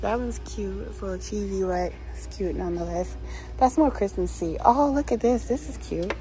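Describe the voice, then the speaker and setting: A woman's voice: medium pitch, moderate pace, dark tone, faint music behind, rough recording. A woman vlogging casually as she walks through a store, chatting and gushing over holiday decor and reading signs aloud. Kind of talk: casual shop-along vlog. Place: inside a store.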